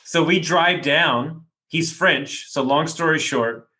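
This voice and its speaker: A man hosting a podcast interview, telling stories in a casual, animated way and dropping slang like dude. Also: on the high side, slow. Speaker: podcast host.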